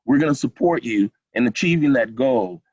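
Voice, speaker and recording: A man's voice: medium pitch, animated, moderate pace, darkish tone, breathy edge, dry recording. A middle-aged man leading an online class, encouraging and repeating himself with many fillers over a video call. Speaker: college program instructor. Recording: dull lo-fi video call audio.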